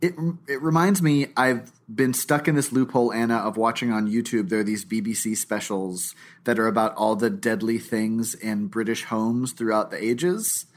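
A man's voice: lowish voice, moderate pace, few pauses. A man co-hosting a comedy podcast, chatting casually and laughing often. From New Hampshire or Florida. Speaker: podcast co-host.

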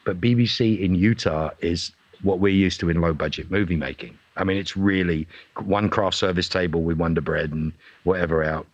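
A middle-aged man, a guest actor, telling anecdotes in a lively way and acting out what other people said. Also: low-pitched, normal speed, few pauses, no echo. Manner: lively storyteller who acts out other people's lines. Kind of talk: anecdotal storytelling. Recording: dull lo-fi recording.

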